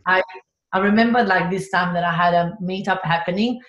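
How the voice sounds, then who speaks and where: A woman with an Italian accent, a business coach telling stories in a podcast interview, animated and laughing often. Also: on the low side, brisk, echoey room, dull audio. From Italy.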